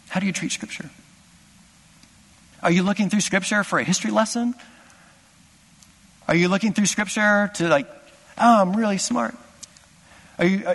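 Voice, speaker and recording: Male pastor with a high voice, delivering a passionate sermon that swings between loud and hushed, recorded in a reverberant hall. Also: fairly quick, long pauses. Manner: impassioned, swings from loud exclamations to hushed asides.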